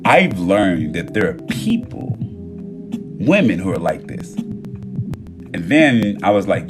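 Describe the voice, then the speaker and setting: A man talking casually about love and energy on a phone live stream, animated and profane, swinging between loud bursts and low murmurs. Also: normal speed. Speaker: TikTok live host. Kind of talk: casual motivational monologue. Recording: music playing clearly behind.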